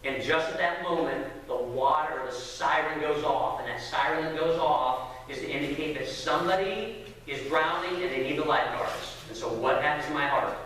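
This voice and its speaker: A man preaching, telling a family story with lively acted-out voices. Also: a little high, moderate pace, slight background noise. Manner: animated storyteller acting out voices. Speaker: pastor. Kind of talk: sermon storytelling. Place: church sanctuary. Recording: echoey hall from far off.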